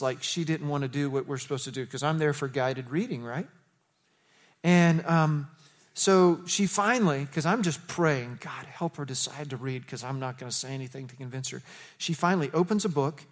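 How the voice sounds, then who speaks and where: A man preaching as the pastor of his church, telling stories with lively, animated delivery. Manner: animated storytelling, jumps to high excited quotes. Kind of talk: sermon.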